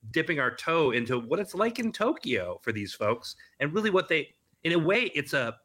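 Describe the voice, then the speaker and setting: A man's voice: mid-range voice, pushed and bright. A man from Wisconsin, a filmmaker talking over a video call in a casual interview, rambling with many restarts. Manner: rambling, repeats words and restarts often. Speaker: filmmaker guest.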